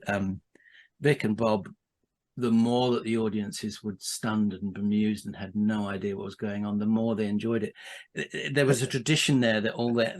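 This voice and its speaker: A man, a podcast guest, telling a casual anecdote with frequent restarts, asides and laughter. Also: on the low side.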